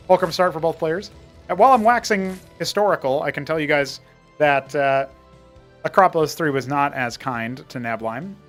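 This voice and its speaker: A man casting a live strategy-game tournament, chatty and prone to rambling asides, getting excitable in fights. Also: on the high side. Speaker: esports caster. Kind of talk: live tournament play-by-play commentary.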